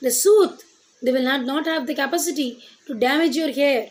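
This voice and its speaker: A woman with a Bengali accent teaches a literature class in a high voice. She reads a line of the poem aloud and then explains it to her students. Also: fairly quick, darkish tone.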